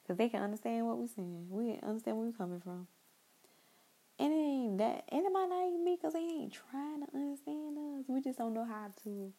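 A young woman rambles through a casual monologue in a low-toned, mellow voice with a gravelly fry. She often repeats herself and turns to her listeners directly. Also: rough recording.

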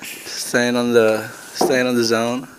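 A man's voice: mid-range voice, monotone, slow, background noise. Laid-back young man from the Philippines. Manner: laid-back, slangy storytelling. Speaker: podcast guest. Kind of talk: casual podcast chat.

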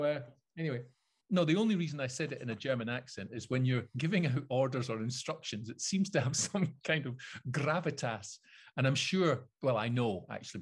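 A Scottish man co-hosting a podcast, explaining things in an animated, opinionated way with frequent chuckles. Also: medium pitch, slightly rough. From Scotland. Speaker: podcast co-host. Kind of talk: casual chat.

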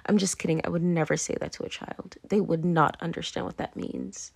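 A tipsy woman rambles through her own podcast, her low voice full of gravelly fry. She keeps dropping her thread with "anyway, moving on", laughing and slipping into whispers. It is loose, chatty solo talk. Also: fairly even intonation, brisk. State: tipsy, drunk. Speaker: podcast host. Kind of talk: casual rambling monologue.

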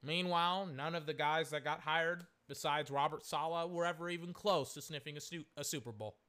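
A man giving a solo sports opinion rant, exasperated and animated, often stopping to correct himself. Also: fairly high pitch, a little fast. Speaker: sports commentator.

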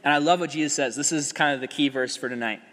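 A man's voice: medium pitch, quick pace, a bit bright, long reverb tail. A young man giving a casual sermon to a youth group, talking in a laid-back, slangy way with lots of "like" and acting out crowd voices.

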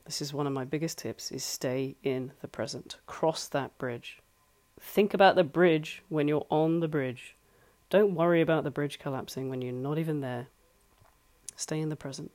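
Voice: medium pitch, steady tone, normal speed, a little mellow. A life coach giving earnest, conversational advice from home, repeating points for emphasis. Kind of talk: solo advice talk. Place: home flat.

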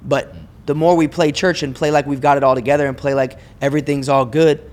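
A man's voice: a little high, level tone, brisk, a little mellow. A man co-hosting a faith podcast, talking in a fervent, exhorting way and repeating words for emphasis. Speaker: podcast co-host.

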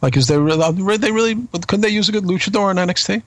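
A man's voice: sits high, quick pace, no echo. A man co-hosting a casual wrestling podcast, rambling and asking his partner many questions. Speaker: co-host.

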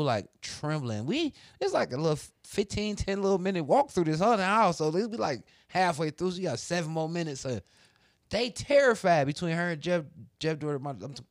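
A man casually telling a story in a lively, profane, drawling way. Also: a little high, moderate pace, dry recording, clean studio sound.

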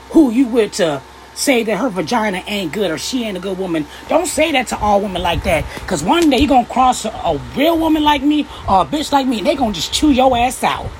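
A woman's voice: a little high, sing-song, a little fast, a little hiss or hum, rough recording. A young adult woman delivering a heated, profane opinion rant to camera, blunt and confrontational and plainly upset. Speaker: vlogger.

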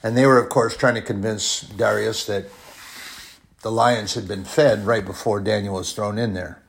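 A man preaching a sermon, retelling a Bible story and reading scripture aloud, rising to loud bursts and dropping to quiet, slow lines. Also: on the low side, steady tone, creaky, a little hiss or hum. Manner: reads scripture in old-fashioned phrasing.

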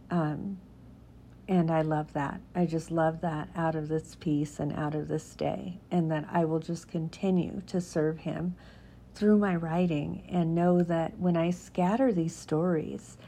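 A middle-aged woman in casual devotional chat who reads her own short piece in a soft, unhurried, gentle way. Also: low-pitched, a little hiss or hum. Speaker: Christian writer. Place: home cabin indoors.

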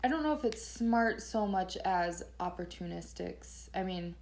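A woman with a gravelly, fry-tinged voice, pitched a little low, talking through a book recap. She chats casually as a podcast co-host and drops dry jokes as she goes. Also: expressive, unhurried, a little mellow. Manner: chatty, laughing, dry asides.

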